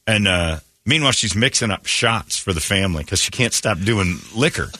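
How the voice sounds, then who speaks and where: Low, bright-voiced man telling a story on radio. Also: brisk, no room sound, clean studio sound. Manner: animated storyteller, acts out quotes in raised voices. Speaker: radio show host. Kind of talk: casual morning radio banter.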